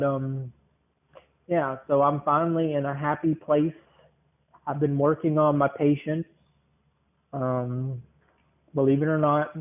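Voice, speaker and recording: Rambling man with a tinny, phone-like sound. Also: mid-range voice. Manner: rambling, repeats words, many fillers. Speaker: podcast host. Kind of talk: casual rambling monologue.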